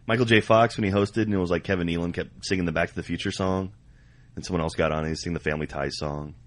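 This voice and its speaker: A man co-hosting a podcast who chats casually with quick, expressive banter. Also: deep voice. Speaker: podcast co-host. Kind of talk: casual chat.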